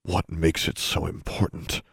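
A man voicing a mocking, menacing young man with a low, growling, derisive manner in an audiobook. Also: completely flat delivery, unhurried, vocal fry, slightly rough, dry recording, clean studio sound, exaggerated voice. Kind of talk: audiobook character voice.

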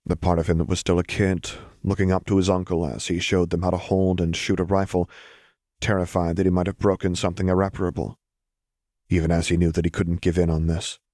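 A man narrating a serialized fan story in a calm, measured way. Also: low voice, dry recording, studio quality. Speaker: audiobook narrator. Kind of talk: scripted fanfiction narration.

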